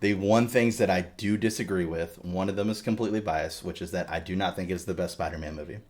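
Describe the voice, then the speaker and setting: A man hosting a casual podcast chat, retelling a movie with animated, sweary storytelling. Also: low-pitched, quick pace. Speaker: podcast host.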